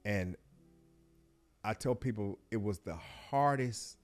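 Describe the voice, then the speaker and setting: A middle-aged man, a guest on an interview show, telling a personal story in a reflective, heartfelt way that often drops to a hush and halts. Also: lowish voice, slow, faint music behind.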